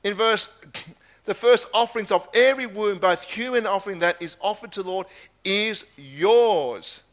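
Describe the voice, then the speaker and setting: A man's voice: high-pitched, normal speed, fairly bright tone. A man preaching a sermon, reading scripture aloud and driving home key phrases by repeating them.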